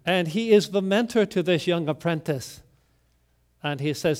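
A man preaching a sermon in a high voice, moving deliberately from loud emphasis to hushed, quiet lines. His delivery is slow and measured. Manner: deliberate, with dramatic swings between loud emphasis and near-whispered lines. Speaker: pastor.

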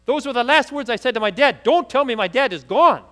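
A woman's voice: medium pitch, sing-song, moderate pace, big-room sound, close to an everyday voice. A man preacher voicing a young woman who pleads and grows more upset as she hears her estranged father is in hospital. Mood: distraught. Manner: pleading, rising to near shouting.

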